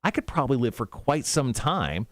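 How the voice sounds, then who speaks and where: A man's voice: mid-range voice, big pitch swings, moderate pace, no room sound. A man hosting a morning radio show at a studio mic, joking and rambling playfully.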